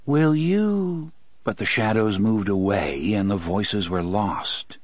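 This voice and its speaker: A man's voice: low-pitched, steady tone, a little slow, no echo. A man narrating a story in scripted audiobook style, shifting his voice for characters.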